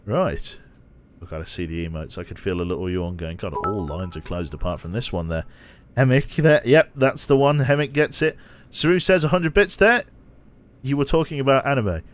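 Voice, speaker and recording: A young British man streaming a train game, chatting playfully and teasing his viewers between yawns. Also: lowish voice. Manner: playful, self-mocking, yawning and laughing at chat. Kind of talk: casual live-stream commentary.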